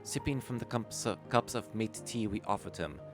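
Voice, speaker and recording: A man reading the lines of a small, formal storyteller from a merchant clan, measured and solemn. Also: lowish voice, over music, natural voice. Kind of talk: reading game dialogue aloud.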